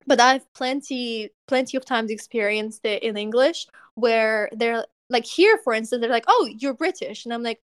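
A young woman from Russia hosting a podcast, telling stories in a chatty, animated way with lots of "like". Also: fairly high pitch, moderate pace, hardly any pauses, clean tone, no room sound, studio quality. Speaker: podcast host. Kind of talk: casual chat.

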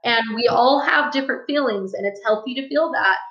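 A woman's voice: on the high side, a little fast, a bit bright. A young woman co-hosting a casual podcast, telling a personal story in an open, reflective way. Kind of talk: casual conversational podcast chat. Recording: roomy, slightly dull sound.

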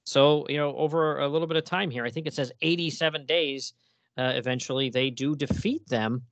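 A man's voice: fairly high pitch, fairly quick, a bit bright, no room sound. A man hosting a podcast, chatting casually and with enthusiasm, laughing often and restarting his sentences. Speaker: podcast host. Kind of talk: casual chat.

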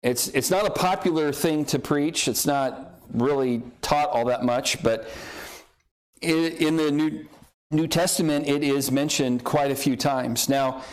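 A man's voice: a little high, unhurried. A man preaching a conversational sermon as pastor, joking and acting out imagined dialogue between believers.

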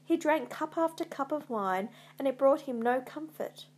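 A woman reading a retold classic tale aloud as a storyteller, in a measured storybook manner. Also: high voice, animated.

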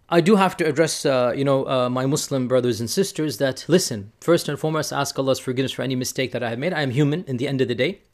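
A man who preaches and teaches, giving an impassioned direct-to-camera rebuttal. He stresses points by repeating words. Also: mid-range voice.

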